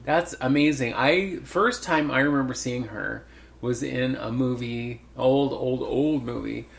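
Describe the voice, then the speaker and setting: Older guy in his 60s, kinda gravelly, rambling through stories on a podcast. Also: mid-range voice, unhurried. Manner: chatty, storytelling, animated asides. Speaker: podcast host. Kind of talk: casual chat.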